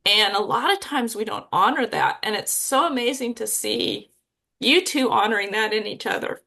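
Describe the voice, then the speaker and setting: Emotional lady podcast host, high bright voice. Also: animated, normal speed, vocal fry. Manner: emotional, heartfelt. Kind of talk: casual interview chat.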